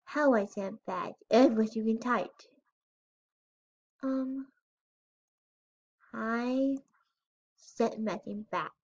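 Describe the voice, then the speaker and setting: A woman's voice: fairly high pitch, very slow, long pauses, darkish tone, highs cut off. A female voice giving casual, rambling commentary while playing a game, often unsure of herself and squealing over cute items. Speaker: gamer showing her game house.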